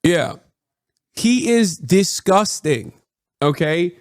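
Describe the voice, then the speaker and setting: A man in his thirties ranting excitedly and profanely while commentating on a live stream. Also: high-pitched, moderate pace, no room sound, clean studio sound.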